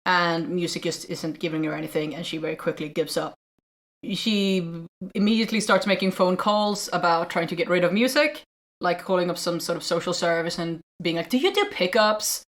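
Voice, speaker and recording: A woman co-hosting a podcast, recapping a film in casual chat, animated and full of restarts and acted-out quotes. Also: fairly low pitch, brisk. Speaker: podcast co-host.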